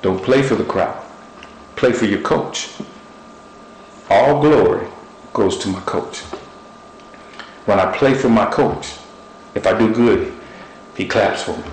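A man's voice: lowish voice, slow pace, long pauses. A middle-aged man preaching a sermon, repeating short phrases and using objects as illustrations. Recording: echoey room with faint noise.

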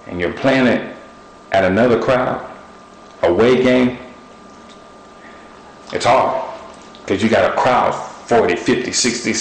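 A middle-aged man preaching a sermon, repeating short phrases and using objects as illustrations. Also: on the low side. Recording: echoey room with faint noise.

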